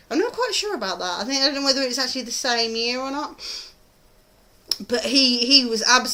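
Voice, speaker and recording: A woman's voice: fairly high pitch, bright, forceful tone. A British woman chatting casually in a TV review vlog, rambling and gushing with frequent ums. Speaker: TV review vlogger.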